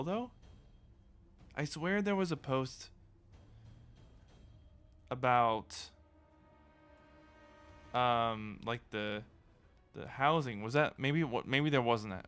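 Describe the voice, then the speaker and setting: A man livestreaming, reading a game blog aloud with excitable, rambling commentary while sleepy and yawning often. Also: mid-range voice. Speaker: gaming streamer.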